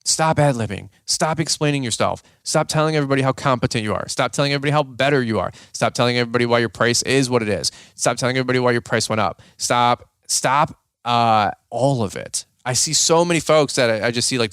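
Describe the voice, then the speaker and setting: A man hosting a podcast, giving blunt, animated business advice in a casual way, full of fillers and repeated points. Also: mid-range voice, clean tone, dry recording, studio quality. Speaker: podcast host, lawn business owner.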